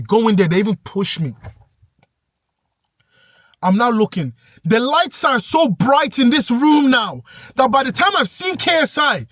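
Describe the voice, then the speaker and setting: A young man telling an animated, breathless story in a vlog rant, bursting into shouts now and then. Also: high voice, no room sound, clean studio sound. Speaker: vlogger.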